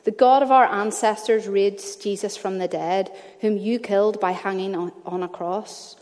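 A woman preaches in an earnest, conversational manner, sharing personal stories between Bible readings. Her voice sits at an ordinary middle pitch. A long reverb from the church hall trails after each phrase. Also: fairly even intonation, normal speed, a little mellow. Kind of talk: sermon.

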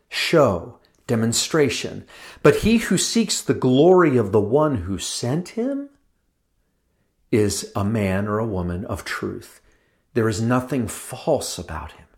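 A man's voice: medium pitch, a little mellow. A man giving a sermon as a guest speaker, reflective and lingering on phrases with small asides.

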